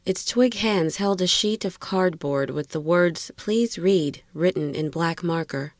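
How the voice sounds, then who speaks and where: A woman narrating a horror story in a measured, steady reading. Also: lowish voice, no echo, clean studio sound.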